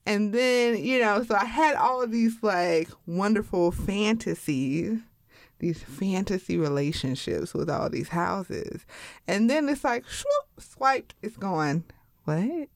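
A woman chatting casually on a podcast, telling stories and acting out her own thoughts in high voices. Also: lively intonation, slow pace, no room sound, studio quality. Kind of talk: casual chat.

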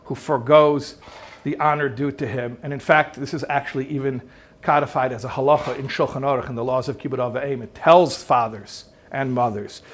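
A man's voice: medium pitch, steady tone, fairly quick. A man teaching as a rabbi in a conversational style, emphatic, asking rhetorical questions and letting his volume swell and drop.

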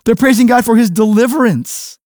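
A man preaching a sermon as pastor, emphatic, shifting between quiet low phrases and raised stressed words. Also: fairly quick, no room sound, studio quality.

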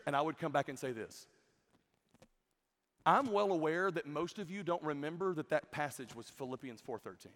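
High-voiced young man preaching with humor. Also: moderate pace. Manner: animated storytelling with mimicked voices. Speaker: youth camp speaker. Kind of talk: comedic youth sermon. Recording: long hall reverb.

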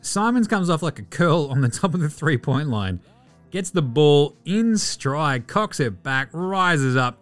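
Australian male podcast host, lively swearing sports rant, fairly high voice. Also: unhurried, faint music behind. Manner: animated, swearing, mock-outraged.

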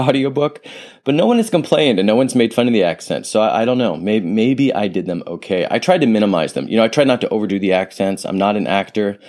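A man with a somewhat low, slightly mellow voice hosts a casual solo podcast monologue, rambling reflectively, drifting into tangents, and restarting sentences. He's a podcast host and author recorded on a podcast studio microphone.

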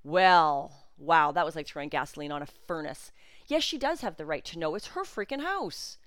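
A woman's voice: sits low, lively intonation, normal speed, a bit bright, clean tone, dry recording, studio quality. A middle-aged woman hosting a podcast, telling a personal story in an emotional, chatty way with frequent fillers. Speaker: podcast host.

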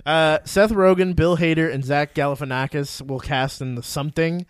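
A man co-hosting a casual movie news chat, telling stories in a profane, animated way. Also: a little high, normal speed, clean tone, no room sound, studio quality. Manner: profane, animated storytelling with loud acted quotes. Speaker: podcast co-host.

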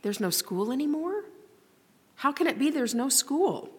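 A woman voicing a young girl who asks quiet, frightened questions, read in a long reverberant hall. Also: high voice, sing-song, unhurried, voice pushed up. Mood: anxious.

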